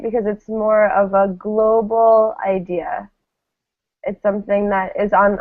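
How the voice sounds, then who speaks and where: A woman runs an online English class in a patient, unhurried manner, filling her pauses with soft ums. Her voice sits a little high. The sound is dry and thin, as if it came over a video call. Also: dry recording. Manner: patient, explaining slowly with frequent ums. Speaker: English teacher. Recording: tinny phone-like call audio, dry.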